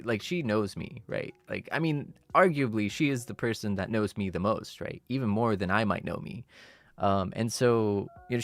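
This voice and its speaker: A young adult man with a mid-range voice streams and chats casually with his viewers. He rambles through his thoughts with plenty of fillers and slips into playful melodrama.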